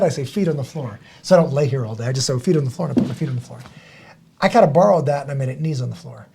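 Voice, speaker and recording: A man's voice: medium pitch, fast talker, creaky, slightly rough. A middle-aged man hosting a podcast, telling stories in casual, earnest talk and acting out the quotes he tells. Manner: earnest, animated storytelling with acted quotes. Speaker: podcast host.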